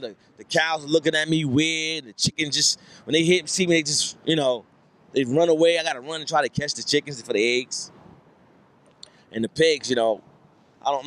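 A man's voice: on the high side, a bit bright. A man doing stand-up, telling a rambling story with repeated lines and voiced quotes. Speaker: stand-up comedian. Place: comedy club stage.

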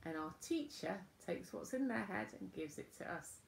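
A woman teaching children school signs, gentle and patient, naming each word with pauses. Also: medium pitch, animated, vocal fry, reverberant, slight background noise. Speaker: children's sign language presenter. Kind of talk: slow teaching talk to children.

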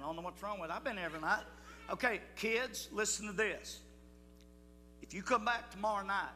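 Leading a children's church assembly in a church hall, an older man speaks in a voice that sits high, with a sharp tone. His manner is folksy and coaxing as he calls out to the crowd, all heard through hall reverb and music.

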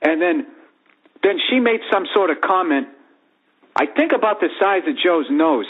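Podcast guy in his 40s, swears a ton, rambly comic story, kinda high voice, sounds like it's coming through a phone. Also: unhurried, phone-quality sound. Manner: profane, rambling and animated. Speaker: podcast host.

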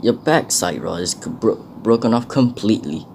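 A man's voice: on the low side, animated, moderate pace, creaky, a little mellow, a little hiss or hum. A man voicing a patient, earnest male engine driver in a homemade storybook tale. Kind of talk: storybook voice acting.

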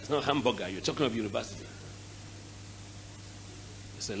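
A middle-aged man with a Nigerian accent preaching a sermon, animated, with sudden shouted bursts and dramatic drops in volume. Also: medium pitch, a little fast, vocal fry, heavy background noise. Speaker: archbishop.

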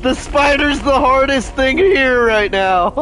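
A young man from the United States commenting on a video game he is playing, excitable and prone to shouting and laughing. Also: extremely high pitch, slow pace. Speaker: gaming streamer. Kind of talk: let's play commentary.

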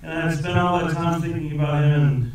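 A man answering audience questions as a film actor at a cinema Q&A, talking in a rambling, lively way and laughing often. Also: a little high, fast, crowd noise. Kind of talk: conversational Q&A answers. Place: cinema auditorium. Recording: echoey theater from a distance with audience.

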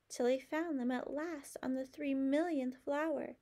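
A woman's voice: high-pitched, fairly even intonation, measured pace, dark tone. A woman reading a rhyming children's book aloud in a rhythmic, sing-song delivery. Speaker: storybook reader.

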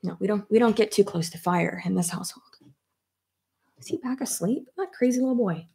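A woman's voice: mid-range voice, fairly quick, vocal fry, a little mellow, husky. A woman in her thirties chatting casually at her desk while doing her hair, rambling and laughing often. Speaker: YouTuber. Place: home office at her desk.

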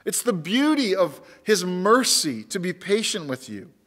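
A man's voice: high-pitched, big pitch swings, unhurried, a bit bright, big-room sound. A man preaching a sermon as pastor, earnest and emphatic, repeating key words for weight. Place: church sanctuary.

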